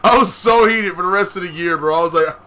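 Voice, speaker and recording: A young man and podcast co-host telling a story in casual, animated speech, with lots of profane slang and frequent laughter. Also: high-pitched, fast.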